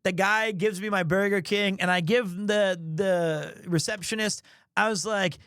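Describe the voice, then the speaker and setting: A man's voice: high voice, fairly even intonation, measured pace, fairly bright tone, smooth, dry recording, clean studio sound. Rambling, self-mocking male streamer. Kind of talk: casual storytelling.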